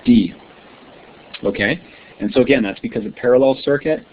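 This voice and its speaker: A man teaching an online science class, friendly and encouraging, often checking in with his students. His voice sits at an ordinary pitch. It comes through a thin, phone-like line with a soft hiss behind it. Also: normal speed. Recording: tinny lo-fi line with faint hiss.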